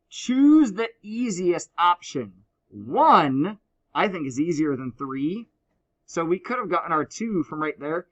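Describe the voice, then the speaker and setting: A man teaching a high school math class, explaining step by step and teasing his students. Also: fairly bright tone. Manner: playful, teasing banter with students. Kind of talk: classroom lecture.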